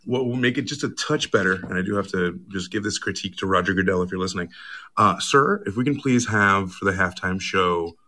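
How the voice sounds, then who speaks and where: A man's voice: sits low, fairly quick, sharp tone. A man leaving an upbeat, casual voice message for a podcast, swearing freely. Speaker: podcast listener sending voice messages. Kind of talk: recorded voice message.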